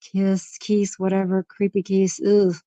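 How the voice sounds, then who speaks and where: A woman's voice: mid-range voice, completely flat delivery, measured pace, warm tone, dry recording, rough recording. A woman hosting a live stream, chatting casually and teasing people in the chat, her voice worn out. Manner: playful, teasing, reads chat names aloud.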